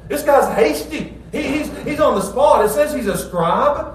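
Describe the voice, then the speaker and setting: A man preaching a sermon as a pastor, animated, swinging between loud excited passages and low calm ones. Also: normal speed, hardly any pauses. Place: church. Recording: echoey room from far off.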